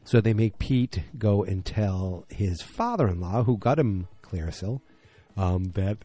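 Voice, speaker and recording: A man's voice: on the low side, expressive, measured pace, dark tone. A tired man hosting a podcast late at night, rambling through a casual episode recap and correcting himself as he goes. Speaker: podcast host.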